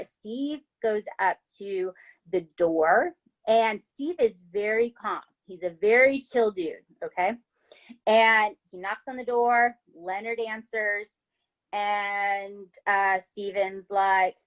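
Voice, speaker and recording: A podcast host tells a true-crime story in a casual, chatty way, swearing freely and checking in with "right?" and "okay?". Her mid-range voice is fairly bright, and she speaks slowly.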